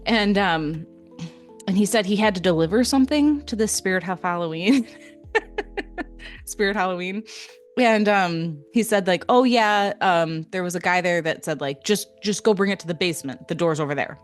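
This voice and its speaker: A young adult woman co-hosting a podcast, retelling a story in a casual, animated way with frequent laughs and fillers. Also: fairly low pitch, moderate pace, soft background music. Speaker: podcast co-host.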